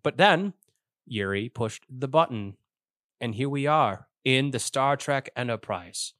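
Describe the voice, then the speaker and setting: A man's voice: medium pitch, expressive, unhurried, fairly bright tone, no room sound, clean studio sound. A man narrating a tabletop game as game master, casual and rambling, correcting himself as he goes.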